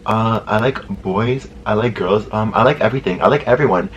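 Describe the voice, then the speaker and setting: A man's voice: on the low side, muffled recording, slight background noise, close to an everyday voice. A man imitating a hesitant, awkward male ride-share driver who mumbles with fillers. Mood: evasive. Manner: halting, filler-heavy mumble.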